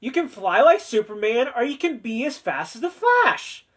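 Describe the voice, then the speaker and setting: A man with a high-pitched voice hosts a laid-back discussion. He talks in a chatty, joking way, with playful sarcasm. He turns sincere and sentimental when speaking of family. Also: sing-song, moderate pace, a bit bright. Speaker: host of a discussion video. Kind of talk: casual chat.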